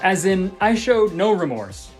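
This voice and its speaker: A man's voice: high voice, very animated, measured pace, over loud music, pitched above the performer's own voice. A man impersonating a brash young male family vlogger with chirpy, over-hyped patter. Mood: smug hype.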